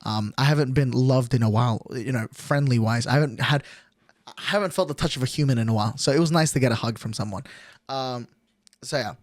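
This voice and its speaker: A young adult man with a medium-pitched, fairly quick voice streams in clean studio sound with no room ambience. Crude and casual, he tells his chat a story, swearing a lot and leaning heavily on "like" as filler.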